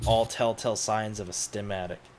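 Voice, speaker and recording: A man narrating scenes and running a tabletop role-playing game in a relaxed, descriptive way. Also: on the low side, moderate pace, slight background noise. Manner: relaxed, descriptive, laughs easily. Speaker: game master.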